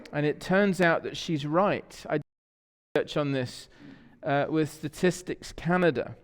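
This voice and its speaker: A pastor from England preaches in a fairly high, smooth voice, recorded with long reverb in a church sanctuary. His sermon mixes conversational storytelling with questions for the congregation.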